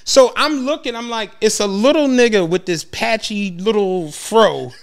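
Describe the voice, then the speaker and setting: High-voiced man telling a lively story. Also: normal speed, creaky, clean tone. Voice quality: profane, slangy. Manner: animated storyteller, acts out quotes, laughs a lot. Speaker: podcast co-host. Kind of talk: casual storytelling chat.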